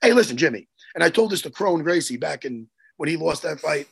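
A podcast co-host and martial arts coach tells a story in casual chat, his gravelly voice fairly high and fairly quick. He's animated and excitable, swears freely, and repeats himself as the tale unfolds.

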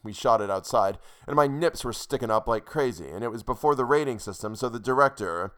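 A male narrator does a coarse, tipsy aging actress in a storybook reading. She talks loose and slurring, crude and blunt. The voice sits at a middling pitch. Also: animated, fairly quick, a bit bright, lightly acted. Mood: boozy, blunt. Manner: coarse, slurring drunk chatter. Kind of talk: audiobook character voice.

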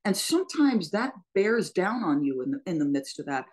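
A woman's voice: lowish voice, very animated, normal speed, darkish tone, low-quality recording. Emotional woman sportscaster recalling stories. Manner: emotional, storytelling. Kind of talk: panel discussion.

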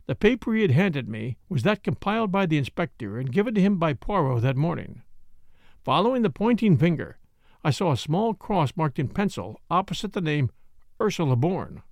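A man reading a mystery novel aloud in the first person, with measured storytelling. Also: on the high side, sing-song, vocal fry, no room sound, studio quality. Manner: measured storytelling, characters' lines read with hesitation. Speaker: audiobook narrator.

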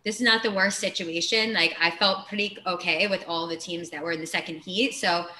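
A woman's voice: fairly low pitch, fairly even intonation, brisk, sharp tone, slight background noise, low-quality recording. A woman guest in casual podcast chat, candid and rambling, with frequent "like" fillers.

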